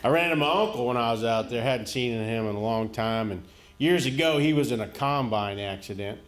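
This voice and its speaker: A middle-aged man from the rural United States doing a stand-up comedy set, telling folksy, deadpan stories and chuckling at his own punchlines. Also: mid-range voice, a little fast, slight background noise. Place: comedy venue stage before a live audience. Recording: echoey live venue with loud audience laughter.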